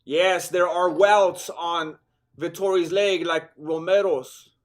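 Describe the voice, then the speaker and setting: Hoarse, high-voiced man commentating. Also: takes it slowly. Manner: excitable, joking, sprinkles Spanish slang. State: hoarse, worn-out voice. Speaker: fight watch-along host. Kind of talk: live fight commentary.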